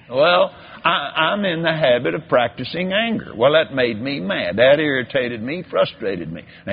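A man with a somewhat high, gravelly voice preaches a folksy sermon, telling a story that slides into repetitive, drawling preacher-style emphasis. The sermon recording is dull and lo-fi.

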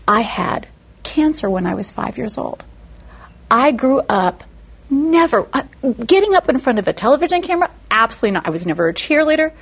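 A woman from Indiana, a guest on a talk show, giving her testimony with lively, humorous storytelling. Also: a little high, brisk, breathy edge. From Indiana, USA.

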